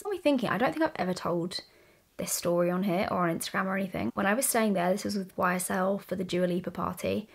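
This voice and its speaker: Young british woman doing a makeup tutorial, quick chatty talk, candid. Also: medium pitch, creaky. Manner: chatty and candid, asides and stories while working. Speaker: beauty vlogger.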